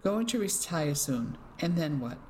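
Older stiff gentleman, clipped and self-pitying, put on by an audiobook reader; plain storybook reading. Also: medium pitch, big pitch swings, measured pace, a little hiss or hum. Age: 60s.

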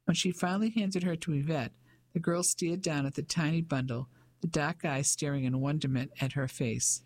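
An audiobook narrator reading in an even, measured way. The pitch sits in a middle range. The storytelling is steady and unhurried. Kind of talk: scripted narration.

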